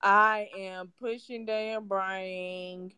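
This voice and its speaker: A woman's voice: mid-range voice, fairly even intonation, extremely slow, pushed and bright, clean tone, dry recording. A woman co-hosting a podcast in casual chat, blunt and teasing. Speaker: podcast co-host.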